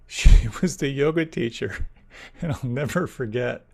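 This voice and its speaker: A man hosts a reflective conversation in a gravelly voice at a middle pitch. He sums up his guest's words thoughtfully and asks for more in an easy, unhurried way. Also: a little mellow. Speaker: interview host.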